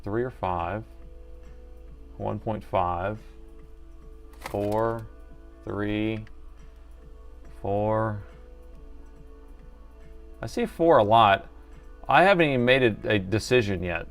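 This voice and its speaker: A man's voice: lowish voice, very slow, long pauses, faint music behind. A middle-aged man hosting a live repair stream, chatting and thinking aloud as he works and joking with his viewers. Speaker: host and laptop repair technician.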